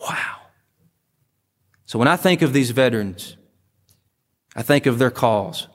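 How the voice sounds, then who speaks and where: A man's voice: lively intonation, slow pace. Impassioned male preacher in a reverberant church. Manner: impassioned preaching with sudden pitch leaps and hushed drops. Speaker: pastor. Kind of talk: sermon. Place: church sanctuary.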